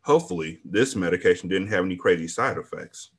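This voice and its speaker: A man's voice: low voice, expressive, fast talker, slight background noise, pitched below the performer's own voice. A man reading a book aloud as its first-person narrator, an older woman looking back on her life with relief and regret.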